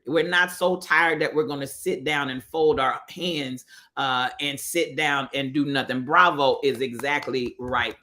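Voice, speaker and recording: Bright-voiced woman hosting a live stream. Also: lowish voice. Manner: repetitive, emphatic, greets viewers by name. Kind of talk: casual live commentary on current events.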